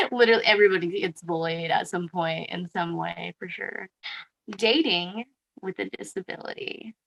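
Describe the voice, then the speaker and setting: A woman hosting a casual chat, easygoing and quick to laugh. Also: on the low side, expressive, gravelly, fairly bright tone, slight background noise, rough recording. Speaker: host.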